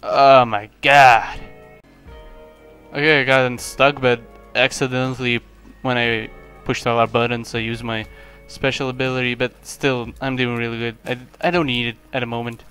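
A young man from Lithuania, a native Lithuanian speaker, giving rambling, self-mocking commentary on his own gameplay, with sudden excited yelps. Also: medium pitch, normal speed, soft background music. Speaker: gaming channel host.

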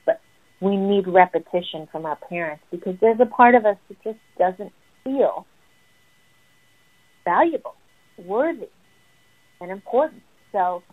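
A woman therapist explains parenting ideas with lively emphasis and a mid-range voice. Her audio comes through tinny and narrow, like a phone call. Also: medium pitch. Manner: animated and emphatic, acting out what children say. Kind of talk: explaining parenting advice in a conversation.

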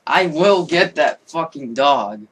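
A young man commentating his own game, excitable and swearing, with sudden yelling outbursts. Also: a little high, takes it slowly, far from the mic, noisy background. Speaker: gamer.

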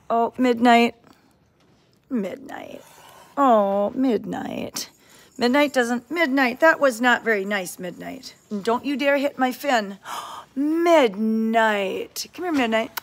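A woman's voice: fairly high pitch, unhurried. A woman hosting a casual livestream from an indoor cat sanctuary, chatting, greeting viewers by name and cooing at the cats, recorded on a handheld phone.

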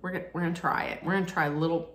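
A woman's voice: on the low side, fairly even intonation, very fast, a bit bright. A woman casually unboxing and taste-testing snacks for her vlog, chatty and candid, thinking aloud as she goes. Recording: roomy echo.

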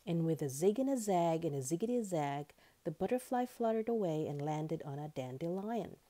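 A woman reading a children's picture book aloud as storyteller, with expressive sing-song narration. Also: fairly low pitch, normal speed.

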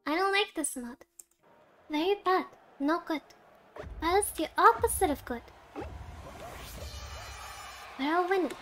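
A young woman streams a game live in a very high, bright-toned voice. She talks slowly and unhurriedly, turning her play into mock-heroic, melodramatic declarations and dropping Japanese words into her English. Faint game music plays underneath. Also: lively intonation. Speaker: VTuber streamer.

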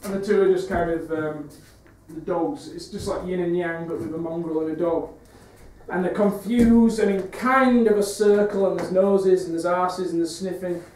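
A man giving a live spoken-word performance lecture, rhythmic and repetitive, swinging from wry asides to loud rants. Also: sits high, fairly even intonation, moderate pace, a little hiss or hum. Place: performance venue with audience. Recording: echoey hall, mic far off.

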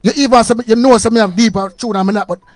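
A Jamaican man, a sound selector, giving rambling, halting thanks and shout-outs. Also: sits high, steady tone, a crowd in the background. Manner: rambling, halting, repeats words.

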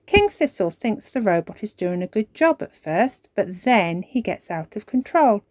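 A woman reading a children's story aloud in a slow, expressive storybook manner. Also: medium pitch, no room sound. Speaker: storytime reader.

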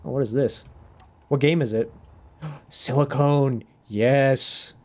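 A man's voice: medium pitch, takes it slowly, darkish tone. A young man in his twenties chatting casually on a gaming stream, rambling and self-deprecating.

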